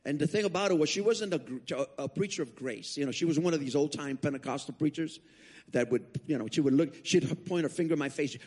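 A man preaching as a guest speaker, telling his testimony as an animated story with frequent restarts. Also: fairly high pitch, quick pace, breathy edge. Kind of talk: sermon testimony.

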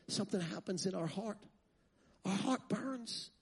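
A man preaching a sermon, asking the congregation rhetorical questions and building to loud, fervent passages. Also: high voice, a little slow, husky.

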